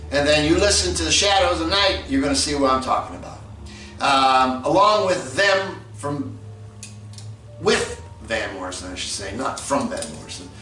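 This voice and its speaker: Excitable man with hip slang. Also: on the high side, recorded from a distance. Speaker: record review host. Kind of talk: casual enthusiastic monologue. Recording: roomy echo, off-mic, faint noise.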